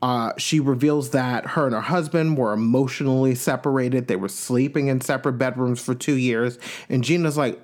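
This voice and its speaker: A man's voice: medium pitch, steady tone, moderate pace, few pauses. A man from Long Island, New York, hosting a podcast and giving a chatty, gossipy recap of a reality show with playful asides. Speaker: podcast host.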